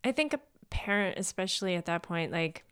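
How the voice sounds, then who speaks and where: Woman co-host, casual chat, quick to laugh, reads the questions, lower pitch. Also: animated, fairly bright tone, clean tone.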